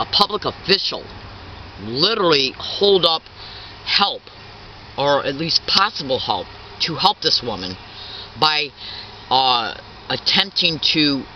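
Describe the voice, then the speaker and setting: A man in his fifties, an activist giving an impassioned statement, halting and repetitive, full of restarts and insistent indignation. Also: mid-range voice, sharp tone. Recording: dull distant recording with faint traffic.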